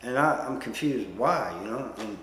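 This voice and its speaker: A man's voice: medium pitch, normal speed, fairly bright tone, reverberant, long reverb tail, faint music behind. A man telling stories in a casual, rambling way, plain-spoken and self-deprecating, with lots of "you know" fillers. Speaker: storyteller. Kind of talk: casual storytelling.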